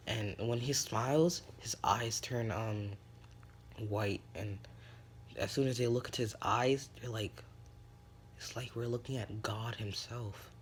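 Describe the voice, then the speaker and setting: A man's voice: medium pitch, measured pace, slight background noise. A man casually retelling a fan story, rambling with lots of fillers and jumping into character voices.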